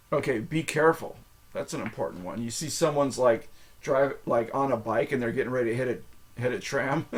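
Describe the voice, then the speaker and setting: A man's voice: mid-range voice, breathy edge. Laid-back American man teaching phrases. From United States. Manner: self-mocking, laughs often, repeats phrases slowly. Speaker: podcast host. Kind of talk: casual language lesson.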